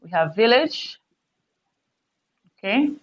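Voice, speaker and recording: A woman teaching an online lesson. She speaks deliberately and repeats words for emphasis. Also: fairly high pitch, animated. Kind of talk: recorded online English lesson. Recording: dull lo-fi recording.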